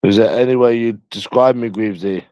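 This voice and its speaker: A man's voice: on the low side, fairly even intonation, brisk, clean tone, dry recording, highs cut off. A young man with a London accent chatting casually with viewers, teasing them by asking the same questions over and over.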